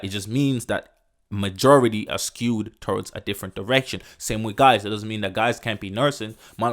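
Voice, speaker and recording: A man hosting a podcast, ranting in a loose, profane, emphatic way and sprinkling in "bro" and "you know what I'm saying". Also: mid-range voice. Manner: loose, rambling, restarts sentences. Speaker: podcast host. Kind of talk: casual rant.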